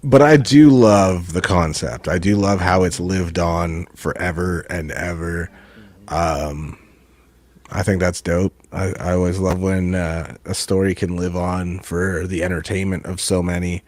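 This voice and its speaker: A man co-hosting a podcast, chatting in a laid-back, measured way. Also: low-pitched, steady tone, a little mellow. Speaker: podcast co-host. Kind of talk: casual chat.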